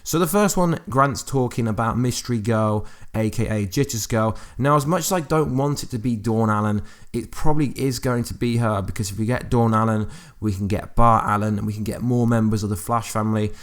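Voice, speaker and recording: A man's voice: fairly low pitch, fairly quick. A man hosting a fan channel, reading quotes aloud and musing over them in casual commentary with fillers and restarts. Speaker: YouTube fan channel host.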